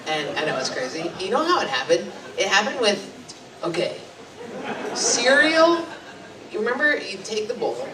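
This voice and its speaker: A young woman tears through a stand-up set, brash and crude, firing blunt questions at the crowd. She sounds far from the mic in an echoing club. A loud audience roars around her. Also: medium pitch, big pitch swings, normal speed, very noisy. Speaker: stand-up comedian. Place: comedy club stage with a laughing audience. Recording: roomy live club recording from far off.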